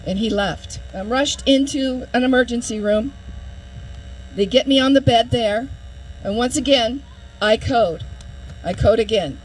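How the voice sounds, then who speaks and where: At an outdoor public demonstration, a woman with a fairly high voice gives a personal testimony at normal speed, telling her story in vivid detail and imitating heart monitor beeps. The recording is rough, with slight background noise.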